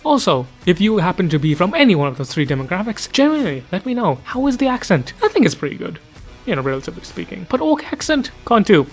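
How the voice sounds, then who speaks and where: Jokey rambling guy doing a lore video, kinda high voice, quiet music behind. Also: sing-song, fast talker. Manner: rambling, jokey, self-deprecating, enthusiastic. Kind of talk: casual lore explainer.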